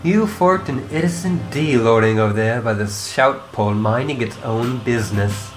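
A woman voicing a calm, formal, dryly witty young female troll in a fan reading of chat logs. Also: rumbling low, faint music behind. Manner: measured, formal wording with dry humor.

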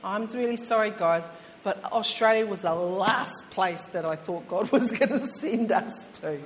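A woman's voice: mid-range voice, unhurried. Woman preaching in an echoing hall. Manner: chatty, addresses listeners directly. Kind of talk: conversational storytelling sermon. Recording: long hall reverb, faint background hum.

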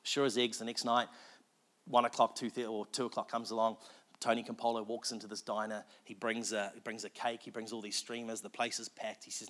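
A man tells a story in a sermon. He is animated and restarts his sentences often. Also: fairly low pitch. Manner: fast, animated, with filler restarts.

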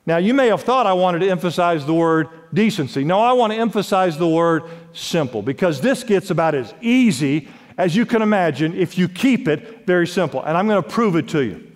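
A man preaching a sermon as pastor, emphatic, with wide swings in pitch and loudness, in a large church. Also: animated, a little fast. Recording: long hall reverb.

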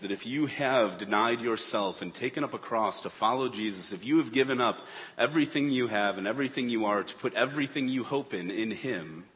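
A man preaching a sermon in a church, earnest, swinging between urgent emphasis and hushed tones. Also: on the low side. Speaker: pastor. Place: church sanctuary. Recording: long reverb of a church hall.

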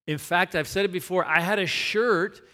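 A man's voice: high voice, normal speed, pushed and bright. A man, a pastor, preaching a sermon in a conversational storytelling way, repeating words for emphasis.

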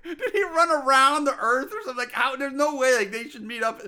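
A man's voice: very high voice, quick pace, bright, forceful tone. A man in casual chat, mocking a bad movie with exasperated, sarcastic commentary and frequent laughter. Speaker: podcast co-host.

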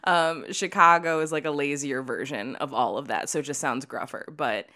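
A woman co-hosting a casual podcast, talking in an animated way with frequent laughs and quick asides. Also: a bass voice. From Midwest of the United States. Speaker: podcast co-host.

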